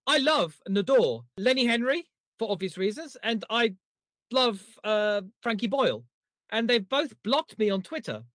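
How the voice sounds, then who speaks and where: A podcast co-host telling stories in a lively, irreverent way. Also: medium pitch, normal speed, no echo. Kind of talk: casual chat.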